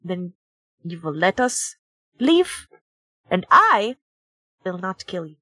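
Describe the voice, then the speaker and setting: A woman puts on a huge female beast who speaks slowly and low, each word a threat. The voice sits well below the woman's own and stays lively in its swings, close and dry. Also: no echo, heavily acted. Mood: menacing.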